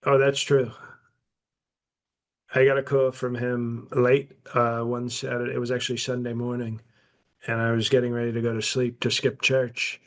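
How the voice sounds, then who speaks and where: A man's voice: mid-range voice, normal speed, natural voice. A man doing a rambling, boastful old president. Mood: smug. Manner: rambling, boastful, deadpan, with self-interruptions. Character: brash, boastful elderly male president. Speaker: podcast host in character. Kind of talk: improvised comedy podcast.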